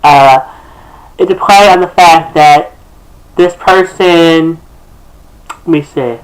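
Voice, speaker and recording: A young man with a notably high speaking voice chats straight into his camera. He rambles sassily through his own lyrics, calling people girl and restarting his sentences. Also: takes it slowly, low-quality recording. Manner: sassy and chatty, calls people girl, many restarts. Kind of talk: casual rambling commentary to camera. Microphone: camera facing him.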